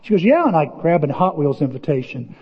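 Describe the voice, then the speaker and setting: A middle-aged man preaching a sermon as pastor, telling stories with animated bursts of excitement and shouting. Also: a little high, fairly quick, husky. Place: church sanctuary. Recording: dull lo-fi audio with long church reverb.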